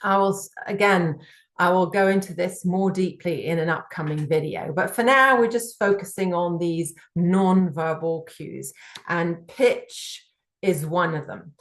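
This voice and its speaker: A woman voice coach explaining her subject slowly and deliberately, with frequent pauses. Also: fairly low pitch. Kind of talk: teaching monologue.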